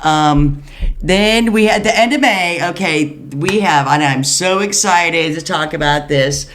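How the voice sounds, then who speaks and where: A woman comedian chatting as a guest on a podcast, quickly rattling off dates and names with excitement. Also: sits low, a little hiss or hum. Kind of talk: casual podcast chat, plugging shows.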